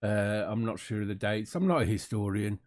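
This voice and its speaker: British man, mellow tone, wry reaction-video host. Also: fairly low pitch, lively intonation, brisk. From United Kingdom. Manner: dry, mocking, many fillers. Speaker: commentator reacting to an interview. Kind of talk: casual sarcastic commentary.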